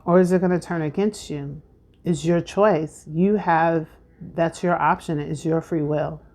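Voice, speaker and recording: Chatty woman tarot reader, lowish voice. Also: steady tone, measured pace, a little mellow. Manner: chatty, filler-heavy and preachy. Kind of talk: casual tarot reading vlog. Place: home.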